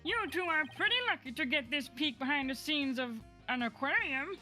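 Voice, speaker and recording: Woman voicing a zealous, loud detective. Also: animated, a little fast, soft background music. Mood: earnest. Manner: booming, self-righteous declarations. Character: zealous male police detective, loud and earnest. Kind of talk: fan voice acting of a game.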